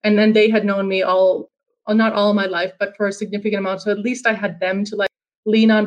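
A woman's voice: mid-range voice, poor audio. A woman from Finland telling a personal story as an interview guest, earnest, with frequent restarts and fillers.

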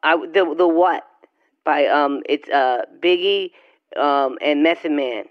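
A man voicing his young nephew on a phone call, a hesitant boy who stammers and fills gaps with ums. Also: a little high. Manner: halting, stammering, many ums.

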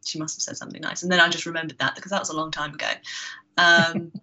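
A woman author as a podcast guest, answering in a hesitant, thoughtful way with frequent pauses and laughs. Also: low-pitched, little pitch movement, sharp tone, lo-fi sound, slight background noise. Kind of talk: casual interview chat.

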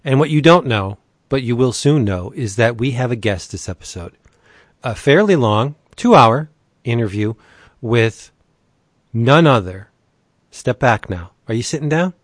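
A man's voice: medium pitch, animated, unhurried, no room sound, clean studio sound. A man hosting a comics podcast with playful, showy banter. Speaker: podcast host. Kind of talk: casual chat.

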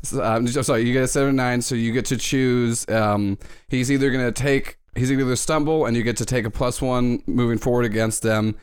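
Man, mid-pitched, relaxed game master, chatty narration with fillers. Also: fairly quick, clean tone. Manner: loose, chatty, hesitant with fillers.

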